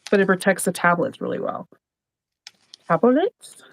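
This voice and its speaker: A woman in her thirties chats while she sews, playful and laughing often. Her voice sits a little high. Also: moderate pace, a little hiss or hum, low-quality recording. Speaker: sewing vlog host. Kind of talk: casual chat while sewing.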